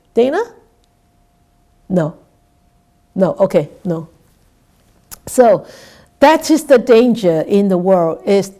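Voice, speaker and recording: A Buddhist nun giving a dharma talk. She speaks haltingly, repeats words and keeps asking "right?". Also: mid-range voice, dark tone. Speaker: Buddhist nun teaching scripture.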